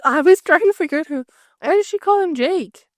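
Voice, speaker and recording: A young adult woman co-hosting a podcast in casual chat, talking in quick bursts with lots of fillers. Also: very high voice, lively intonation, dry recording, clean studio sound. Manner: chatty, many fillers, quick asides. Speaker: podcast co-host.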